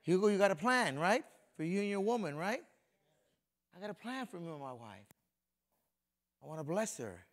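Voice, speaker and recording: A man's voice: high-pitched, big pitch swings, normal speed, long pauses. A middle-aged male pastor from Compton, California, preaching a sermon in a conversational way and speaking straight to people in the congregation. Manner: conversational preaching, talks directly to congregation members.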